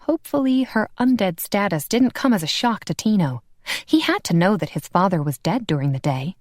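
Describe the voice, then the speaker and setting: A woman narrating a romance audiobook in an expressive, scripted style. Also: mid-range voice, fairly quick, no room sound, clean studio sound. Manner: expressive, voices every character.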